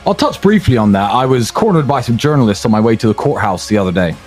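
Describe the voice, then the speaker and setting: A man's voice: mid-range voice, big pitch swings, quick pace, darkish tone, faint music behind. A man on a podcast telling a story in a scornful, emphatic way, drawing out key words. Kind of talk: storytelling monologue.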